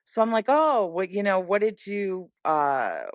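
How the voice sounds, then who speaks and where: A middle-aged woman telling a story as a podcast guest in casual chat, animated and acting out the voices she quotes. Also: mid-range voice, a little slow, no room sound, dull audio.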